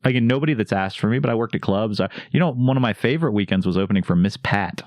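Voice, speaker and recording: A man's voice: fairly low pitch, fast, dry recording, studio quality. A man, a stand-up comedian, telling stories on a casual podcast and acting out the people in them. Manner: animated storyteller who acts out quoted voices.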